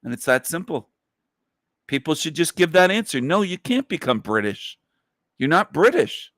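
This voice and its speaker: A man's voice: a little high, sing-song, normal speed, fairly bright tone, no room sound, studio quality. A man hosting a livestream who speaks in an emphatic, profane, repetitive rant. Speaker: livestream host.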